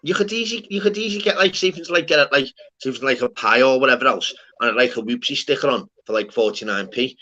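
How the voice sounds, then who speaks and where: A man's voice: medium pitch, fast, hardly any pauses, bright, forceful tone, muffled recording. A young adult man with a Scouse accent, hosting a casual, swear-heavy chat full of banter.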